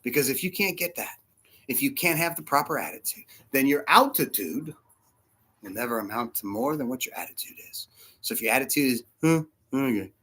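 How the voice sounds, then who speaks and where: A man preaching a casual sermon, short of breath with fluid in his lungs, animated and laughing often between soft asides. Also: mid-range voice, fairly quick, husky. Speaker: pastor.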